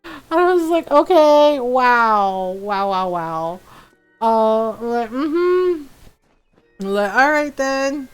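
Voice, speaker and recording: A chatty woman streamer with a high voice talks through a game. She laughs often and acts out quotes in different voices. Faint music plays under her. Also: slow, clear, resonant tone, low-quality recording. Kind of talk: casual gameplay chat.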